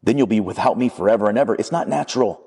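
A man's voice: lowish voice, racing, a little mellow, breathy edge, in a large hall. A man voicing a red lizard tempter that pleads and mocks in a coaxing, wheedling way, read aloud in a sermon. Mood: pleading.

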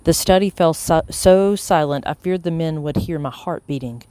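An audiobook narrator reading a first-person story in a steady, measured way. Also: medium pitch.

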